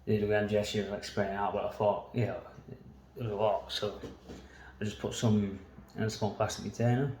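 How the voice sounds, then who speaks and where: A man's voice: on the low side, little pitch movement, brisk, darkish tone, slight background noise. Rambling, foul-mouthed man in a roomy space. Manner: waffling, heavy swearing, frequent laughs. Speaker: vlogger. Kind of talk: rambling casual monologue.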